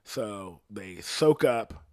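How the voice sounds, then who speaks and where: A man telling a story in a casual, rambling monologue, swearing bluntly and getting loud and high when outraged. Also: expressive, drawn-out words, no echo, studio quality.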